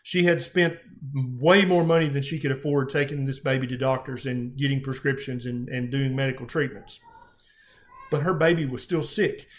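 A man's voice: medium pitch, steady tone, moderate pace. A middle-aged man, a physician telling a patient story in an earnest, emotional way with frequent restarts. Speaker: physician guest. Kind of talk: conversational storytelling.

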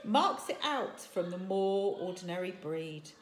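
A woman's voice: lowish voice, lively intonation, roomy sound, soft background music. A woman doing an eager know-it-all Viking boy. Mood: earnest. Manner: fast, earnest, showing off.

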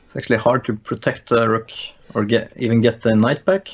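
A man from Norway, Norwegian his first language, calling out chess moves briefly in a relaxed way over a video call. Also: medium pitch, fairly quick, muffled recording. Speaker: student player. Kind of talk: casual chat.

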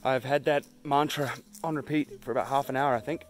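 A man's voice: medium pitch, steady tone, brisk, faint music behind. A young man vlogging alone on a mountain trail, exhausted and in pain, talking with frequent weary sighs into a handheld camera. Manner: weary, sighing often. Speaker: solo hiker vlogger. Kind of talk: casual video diary. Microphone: handheld phone or action camera.

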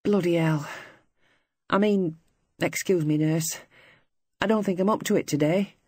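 A reader voicing a young wounded male airman, blunt and sardonic, given a raised pitch and a changed tone. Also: a little slow, a little mellow, no echo, clean studio sound, close to an everyday voice. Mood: exasperated. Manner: swearing, blunt, then apologetic.

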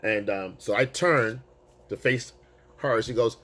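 A male dating coach telling a story to camera in a casual, animated way, swearing freely and using street slang. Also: mid-range voice, slow pace.

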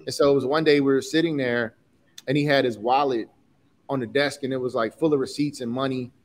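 A man's voice: medium pitch, steady tone, a little fast. A man in his forties from Chicago, telling personal stories in an interview with earnest feeling and casual slang. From Chicago, USA. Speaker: guest, designer and entrepreneur. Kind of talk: candid interview talk.

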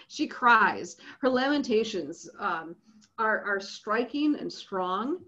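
A woman giving an academic lecture, lively and often checking in with her listeners. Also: mid-range voice, slow, dull audio. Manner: lively, checks in with frequent "right?".

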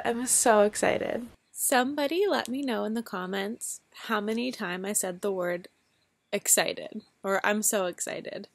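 A young woman unboxing a new camera in a casual vlog, gushing with excited exclamations. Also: mid-range voice, a little slow, creaky. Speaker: vlogger.

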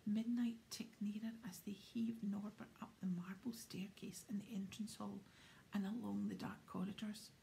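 A woman reading a storybook aloud in a soft, steady whisper. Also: medium pitch, normal speed, vocal fry, a little hiss or hum. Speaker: audiobook reader.

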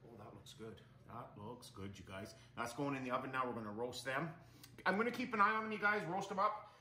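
A man's voice: mid-range voice, lively intonation, brisk, a little hiss or hum. A man hosting a casual cooking demonstration in his home kitchen, chatting away and calling his viewers "you guys". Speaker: cooking show host. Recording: echoey kitchen with loud frying sizzle.

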